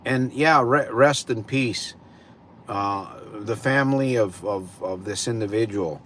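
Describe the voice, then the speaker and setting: A man hosting a live stream, greeting viewers and slowly posing reflective questions to them. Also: on the low side, a bit bright, a little hiss or hum. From California. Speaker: livestream host.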